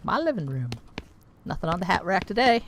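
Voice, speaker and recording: Low-voiced woman streaming a game. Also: sing-song, fairly quick, background noise. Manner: playful, reads on-screen text with wry asides. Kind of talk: casual let's-play commentary, reading game text aloud. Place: home streaming setup. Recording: game music playing behind the voice.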